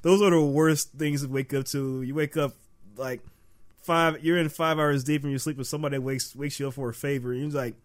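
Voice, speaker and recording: A man's voice: mid-range voice, fairly even intonation, brisk. A man from the in casual chat, telling stories in a rambling, slangy way and laughing often.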